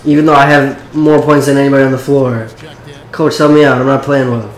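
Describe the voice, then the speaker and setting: A man talks through his own game in a loose, excitable way, swearing and calling for the ball. His voice sits at an ordinary middle pitch. The room around him adds a noticeable echo. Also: a little fast. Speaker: gaming YouTuber. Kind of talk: casual gameplay commentary.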